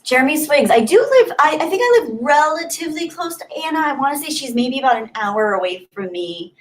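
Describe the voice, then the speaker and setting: A woman's voice: high-pitched, big pitch swings, fairly quick. A woman hosting a casual livestream, chatting and laughing as she reads viewer comments aloud. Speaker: livestream host. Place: home in Southern California.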